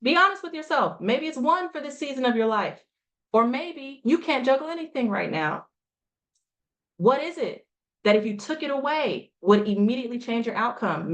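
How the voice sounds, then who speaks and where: A woman's voice: high-pitched, animated, moderate pace, fairly bright tone. Emphatic woman coaching a group. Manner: emphatic, rhetorical questions, repeats lines for effect. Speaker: health coach. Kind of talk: motivational coaching talk.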